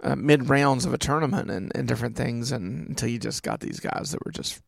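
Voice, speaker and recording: A pastor co-hosting a Christian radio talk show, chatting in a relaxed, self-deprecating way with a sleepy morning voice. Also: male voice, mid-range voice, fairly quick, gravelly, no room sound, studio quality. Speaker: pastor and co-host.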